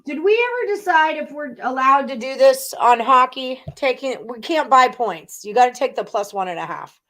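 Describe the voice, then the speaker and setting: A woman hosting a live sports betting show, chatty and quick to laugh as she greets viewers. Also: sits high, lively intonation, fairly bright tone. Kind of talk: casual live-stream chat.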